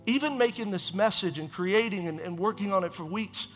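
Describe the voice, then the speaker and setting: High, bright-voiced preaching pastor. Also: male voice, in a large hall, faint music behind. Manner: impassioned, repetitive preaching with quick self-corrections. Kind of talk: sermon.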